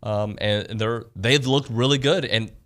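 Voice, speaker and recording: A man's voice: medium pitch, unhurried. A man co-hosting a casual sports talk radio show, giving easygoing, matter-of-fact game picks.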